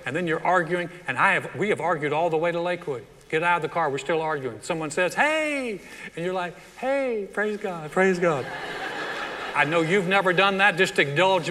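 A middle-aged man preaching a sermon as pastor, animated and acting out the voices of churchgoers. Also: on the high side, slight background noise. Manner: animated preaching that acts out quoted voices of the congregation. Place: large church hall. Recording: long hall reverb.

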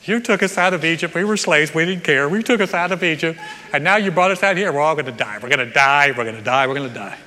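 A preacher acting out a whining, panicked crowd of complaining people in a sermon. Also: male voice, fairly high pitch, fast, pushed and bright. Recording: echoey hall reverb.

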